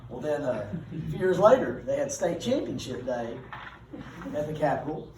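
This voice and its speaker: A man, a teacher telling animated, rambling anecdotes to his class with frequent self-corrections. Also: on the high side, normal speed. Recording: echoey room, distant mic, background noise.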